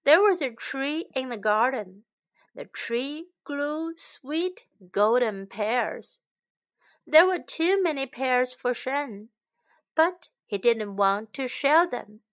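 A woman reading a children's story aloud slowly and clearly for English learners. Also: sits high, expressive, fairly bright tone. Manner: slow, clear, teacherly.

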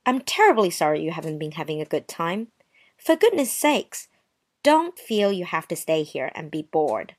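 A woman's voice: fairly low pitch, sing-song, moderate pace. A woman playing a prim, offended young woman. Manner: sarcastic, wounded politeness. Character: touchy young woman, prim and passive-aggressive. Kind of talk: dramatized short story reading.

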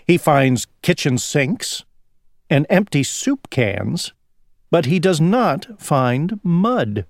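Man reading a picture book aloud; slow, with a rising and falling pitch, dry sound. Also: gravelly, no room sound. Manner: slow, expressive storytelling.

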